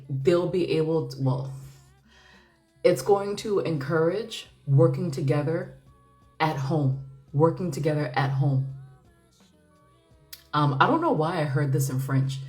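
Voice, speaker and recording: A woman's voice: sits low, darkish tone. A woman doing a casual tarot reading, musing aloud in a chatty way with frequent fillers and laughs. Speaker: tarot reader.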